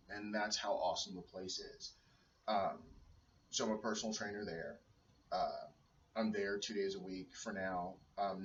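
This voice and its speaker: A man's voice: fairly low pitch, a little hiss or hum. Earnest rambling man, roomy and distant. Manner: earnest, rambling, many restarts and fillers. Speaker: personal trainer and stay-at-home dad. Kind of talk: personal video blog, talking to camera. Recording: roomy, dull sound from a distance.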